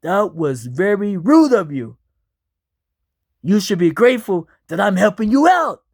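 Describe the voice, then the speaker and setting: A man doing a slow, prim, menacing motorhome computer. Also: high-pitched, sing-song, no room sound, studio quality, pitched above the performer's own voice, exaggerated voice. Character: vengeful talking motorhome computer, touchy and menacing.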